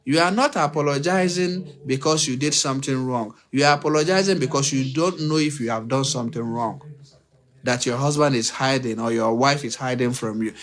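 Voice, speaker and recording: A man hosting a livestream, giving relationship advice in an unscripted monologue. He repeats his points, asks his own rhetorical questions and speaks straight to his listeners. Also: on the high side. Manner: preachy, repetitive, uses rhetorical questions; addresses listeners directly and emphatically.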